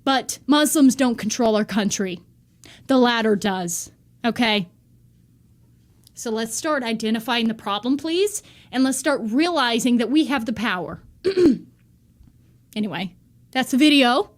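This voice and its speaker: A woman's voice: fairly high pitch, animated, unhurried, long pauses. A woman delivering a heated, profane rant to camera in a vlog monologue. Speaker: vlogger.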